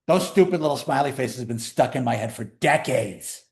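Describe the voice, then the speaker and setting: A man in his fifties giving a classroom calculus lecture, lively and conversational with playful asides to students. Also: mid-range voice, normal speed, gravelly. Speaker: math lecturer.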